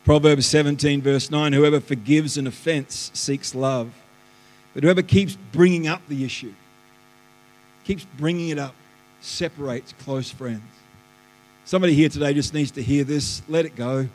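A man, a pastor preaching a lively sermon that swings between loud bursts and hushed asides, in a church auditorium. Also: fairly high pitch, normal speed. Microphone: live stream stage mic. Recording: live church hall reverb.

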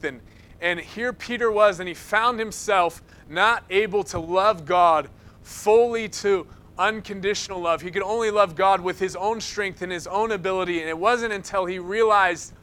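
A man delivering a sermon with a high, bright voice. He tells his stories with energy and acts out the lines of the people in them, and his tone stays smooth and clear. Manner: animated storytelling, acts out quotes. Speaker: preacher.

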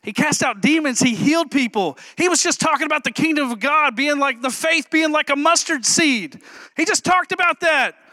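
Man preaching a sermon, very high voice, bright and forceful, jokey asides, dry close sound. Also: normal speed, dry recording. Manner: humorous, animated preaching with asides to the congregation. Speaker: pastor.

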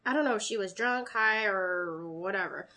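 A young woman in casual conversation, telling a long story in an animated way and acting out the people in it. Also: mid-range voice, moderate pace. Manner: animated, acts out voices in her stories.

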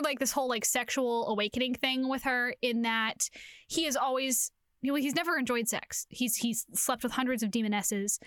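A woman's voice: high voice, dry recording, clean studio sound. A young woman co-hosting a podcast, casually recapping a romance novel, swearing and acting out the characters as she goes. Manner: animated storytelling, acts out characters, swears, laughs often. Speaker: podcast co-host. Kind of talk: casual book recap chat.

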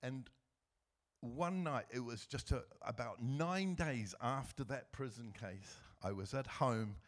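A middle-aged man giving a personal church testimony as a guest speaker, earnest and emotional, with soft laughs as he tells his story. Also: medium pitch, takes it slowly.

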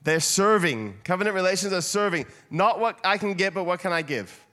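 A man delivers a sermon in a church hall, his fairly high voice leaping up and down with lively animation. He is playful and gets the congregation to call out along with him. His voice rises sharply whenever he whips up the room. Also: fairly quick. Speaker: guest preacher.

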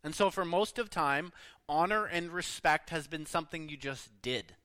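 A middle-aged man preaching a sermon in an earnest, emphatic way, pausing often and letting his endings trail off softly. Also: a little high, smooth, no echo.

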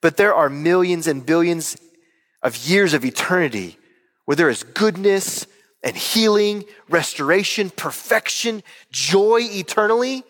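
A man preaching with earnest emphasis, leaning hard on repeated words. His voice sits a little high for a man. It rings with the long reverb of a large hall. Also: lively intonation, a little slow, fairly bright tone. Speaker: pastor. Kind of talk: sermon. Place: church hall.

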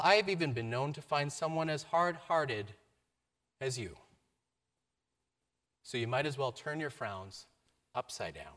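A man giving a sermon, telling a story with varied emphasis and a mid-pitched voice. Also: a bit bright. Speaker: preacher.

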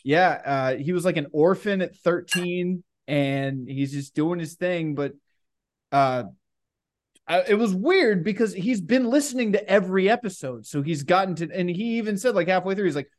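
A man's voice: high voice, normal speed. A young man in his twenties co-hosting a podcast, chatting casually with a lot of swearing and laughing. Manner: laid-back, profane, laughs often. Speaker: podcast co-host.

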